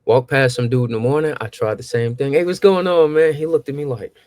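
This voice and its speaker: A young man tells stories in a relaxed chat. He acts out his old conversations, his voice jumping high as he plays them back. The sound is dry and close. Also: fairly quick, few pauses, dry recording. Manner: animated, acts out his own past exchanges with rising pitch. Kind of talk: casual storytelling.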